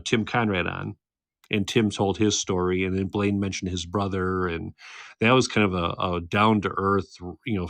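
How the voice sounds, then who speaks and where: A chatty man in his thirties hosts a relaxed livestream, reading out viewer comments and teasing them with frequent laughs. His voice sits low, and the sound is dry and close to the mic, as if recorded at home. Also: no room sound. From United States. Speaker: livestream host. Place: home, indoors, by a candle.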